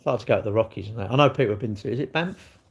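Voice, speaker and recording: A man's voice: fairly low pitch, very fast. A man with a British accent hosting a casual livestream, answering chat comments in a blunt, rambling way. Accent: British English.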